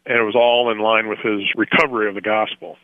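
A man's voice: on the low side, flat delivery, fast, no echo. A man from Florida joins a radio talk on theology as a guest. His voice comes through a thin, phone-like line with no room sound around it. He talks with emphasis and animation and laughs easily. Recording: tinny phone line, dry.

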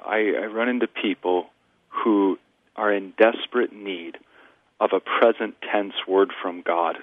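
A man's voice: fairly low pitch, dry recording. A man, a Lutheran pastor, speaking as a guest in a radio interview with an emphatic, preaching cadence and rhetorical repetition. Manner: emphatic, repeats phrases for rhetorical build-up. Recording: tinny phone line.

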